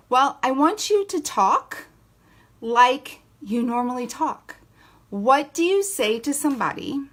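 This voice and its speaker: A woman with a fairly high, fairly bright voice gives a live training talk to a sales team. She's chatty and playful, laughing often and acting out little quotes.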